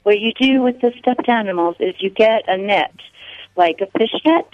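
Female caller, average pitch, dull dry phone sound, casual and chatty. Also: moderate pace, no room sound. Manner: chatty, gives friendly tips. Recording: dull lo-fi call-in line.

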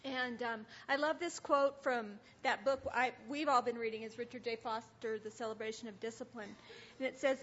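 Woman, middle-aged, high voice, gentle hesitant devotional teaching, muffled lo-fi sound. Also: moderate pace. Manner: soft, hesitant, with many ums. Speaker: women's ministry teacher. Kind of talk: devotional teaching with guided meditation. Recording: dull lo-fi recording.

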